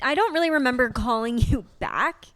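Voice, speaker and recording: A woman's voice: a little high, expressive, fairly quick, fairly bright tone, no echo, studio quality. A woman co-hosting a podcast, chiming in with wry, laughing remarks. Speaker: podcast co-host. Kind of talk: casual chat.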